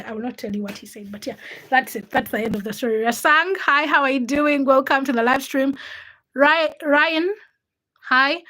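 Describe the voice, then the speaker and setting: A woman's voice: sits high, bright, forceful tone. A young woman hosting a livestream, chatting casually, laughing often and greeting viewers by name as she tells stories. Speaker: livestream host.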